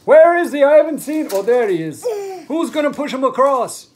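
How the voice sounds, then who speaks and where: Dad doing a goofy bear puppet host. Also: male voice, extremely high pitch, moderate pace, very noisy. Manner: broken English, playful, excitable.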